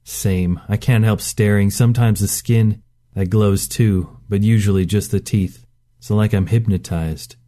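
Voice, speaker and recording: A man reading a story voices a stubborn working man, a former fighter, in a gruff and defiant way, close to his own voice. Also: on the low side, steady tone, measured pace, warm tone, close to an everyday voice. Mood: bitter.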